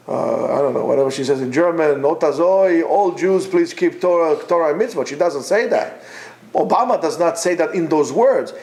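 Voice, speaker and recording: A man's voice: fairly high pitch, darkish tone. A man giving an informal Torah class, emphatic and rhetorical, who repeats his points and often restarts his sentences. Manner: talks directly to absent listeners. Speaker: Torah teacher.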